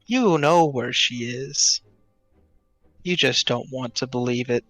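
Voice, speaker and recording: A man's voice: medium pitch, slow pace, a bit bright, no room sound, soft background music. A man voicing a callous, mocking male tree spirit that taunts and speaks in riddles. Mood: taunting. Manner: taunting, cryptic, laughs callously.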